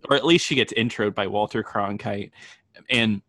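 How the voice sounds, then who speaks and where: A man with a bright, forceful tone co-hosts a relaxed film podcast. The sound is dry, with no room echo. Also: fairly low pitch, normal speed. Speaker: podcast co-host. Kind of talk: casual movie review chat.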